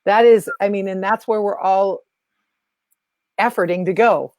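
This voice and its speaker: Calm reassuring woman guest, dry sound. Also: medium pitch, a little slow, no room sound. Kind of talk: casual spiritual chat.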